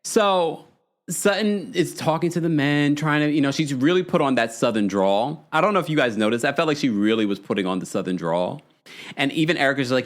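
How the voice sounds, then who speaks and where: A man's voice: medium pitch, lively intonation, brisk. A young man hosting a casual, gossipy reality TV recap, reading out live chat and laughing often. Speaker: podcast host.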